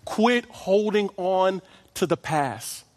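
A man preaching a sermon as pastor, animated and lively, stretching out his phrases and chuckling as he goes. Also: high-pitched, slow pace, a little hiss or hum. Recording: long hall reverb.

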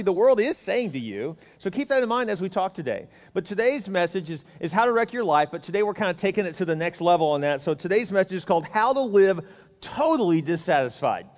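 A man pastor giving a conversational, joking sermon full of rhetorical questions. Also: high-pitched. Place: church sanctuary. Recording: church hall reverb.

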